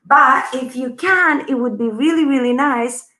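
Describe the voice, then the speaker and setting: A woman's voice: sits high, unhurried, bright, forceful tone, roomy sound, rough recording. A woman teaching a live online dance lesson, chatty and bubbly, counting the beats aloud as she goes. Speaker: dance instructor.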